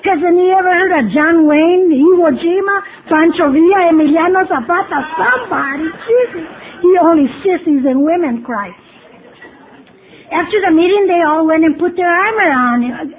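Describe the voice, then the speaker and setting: A woman with a high voice shares her recovery story at a meeting, candid and wry, poking fun at herself. The sound is thin and phone-like, with a faint hiss underneath. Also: animated, moderate pace. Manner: candid, self-mocking storytelling with wry humor.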